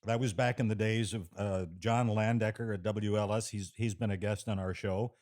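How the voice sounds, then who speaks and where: Low-voiced male interview host. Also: fairly even intonation, darkish tone. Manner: halting, with stammered restarts. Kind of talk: casual interview talk.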